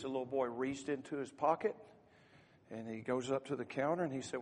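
Folksy preacher in a reverberant hall. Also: male voice, mid-range voice, fairly quick. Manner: folksy, teasing with the congregation. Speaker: pastor. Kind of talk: storytelling sermon.

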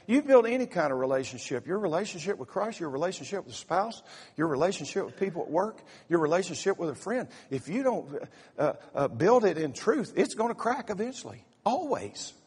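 Preaching a funny sermon with folksy charm, this pastor rouses his congregation while tripping over many repeated "uh"s in a church sanctuary. He has a high, slightly rough, somewhat mellow voice with big pitch swings and a fairly quick pace, and long reverb fills the recording.

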